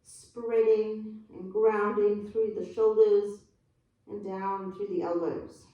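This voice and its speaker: Calm South African woman in echoey room. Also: mid-range voice, slow pace, recorded from a distance, lo-fi sound. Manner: calm, encouraging cues with soft asides. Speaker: yoga instructor. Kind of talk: guided yoga class instruction.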